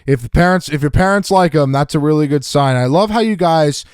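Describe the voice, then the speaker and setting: A man's voice: a little high, brisk, clean tone, dry recording, studio quality. A man hosting a casual chat show, friendly and agreeable, laughing along with his guest. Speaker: host.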